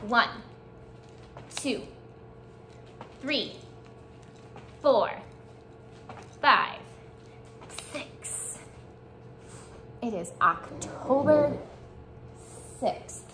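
A woman teaching young children a morning lesson, speaking slowly and encouraging them to repeat after her. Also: on the high side, expressive, a bit bright, slight background noise. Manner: slow, encouraging call-and-response teaching. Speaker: preschool teacher.

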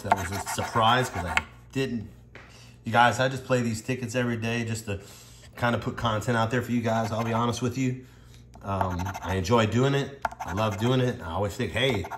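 A man vlogging as he scratches lottery tickets, exclaiming to his viewers, tearful and overwhelmed, rambling as he talks. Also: mid-range voice. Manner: exclaiming, emotional, rambling, addressing viewers as y'all. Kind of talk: excited casual commentary. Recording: echoey room with background noise.

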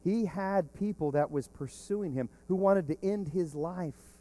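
Man, pastor, sermon, emphatic preaching, slightly high voice, slow delivery. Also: dark tone, no echo.

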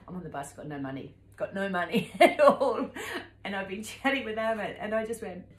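A woman in her fifties telling a travel story to camera in a casual, animated way, laughing and acting out the people she met. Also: medium pitch, fairly quick. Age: 50s. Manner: animated, laughing, acts out voices in her stories. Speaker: travel vlogger. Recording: echoey room with faint ambient noise.

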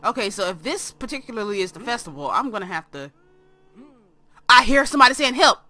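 Young woman, let's play host, chatty, talks to game characters, fairly high voice, bright tone. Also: animated, a little fast. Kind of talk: casual game commentary. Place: her own room.

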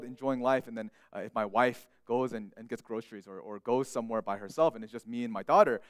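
A man's voice: medium pitch, no room sound, studio quality. A young man preaching a sermon as pastor, speaking earnestly and often repeating words as he restarts a thought.

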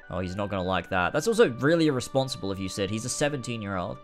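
A young man streaming a game with casual, excitable, swearing commentary. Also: on the low side, quick pace, hardly any pauses, faint music behind. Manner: animated, swearing, excitable reactions. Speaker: gaming streamer. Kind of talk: casual let's-play commentary.

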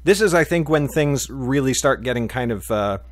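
A man's voice: medium pitch, expressive, normal speed, dry recording. A man hosting a casual podcast chat, rambling and joking with lots of fillers. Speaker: podcast host.

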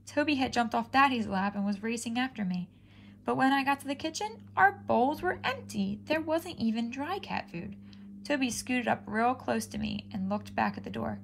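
A woman narrates a children's chapter book in an animated, expressive style. Her voice sits fairly high and carries a gentle gravelly fry. It sounds like a bedtime read-aloud. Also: moderate pace, slight background noise. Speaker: storybook reader.

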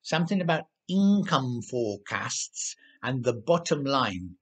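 A man's voice: mid-range voice, very animated, measured pace, a bit bright, breathy edge, exaggerated voice. A man voicing an earnest, cheerful young girl adventurer in a storybook reading, chatty in manner.

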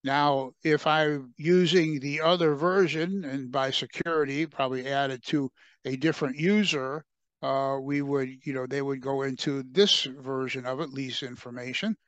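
Man demoing software, halting with fillers. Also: medium pitch, fairly even intonation, smooth, no echo, highs cut off. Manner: halting, many fillers and restarts. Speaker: software presenter. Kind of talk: webcast screen-share demo.

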